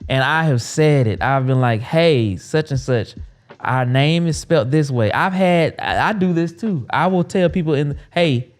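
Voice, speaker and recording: A man in his thirties, an agency owner, talking casually and with animation about business names, full of quick asides. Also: fairly high pitch, lively intonation. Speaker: agency owner and podcast host.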